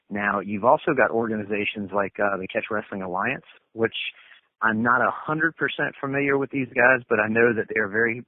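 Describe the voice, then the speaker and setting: Brief: earnest wrestling coach, lowish man's voice, dry tinny line, rambling with ums. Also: dry recording. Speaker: catch wrestling coach and guest. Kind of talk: conversational interview answers. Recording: tinny phone-line sound.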